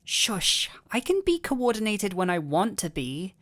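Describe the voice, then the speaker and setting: Woman playing a doting clumsy dullahan boyfriend, unhurried, tender, giddy, audio role-play. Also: mid-range voice, sing-song, fairly bright tone. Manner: tender, giddy and affectionate, playful self-teasing. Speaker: voice actor.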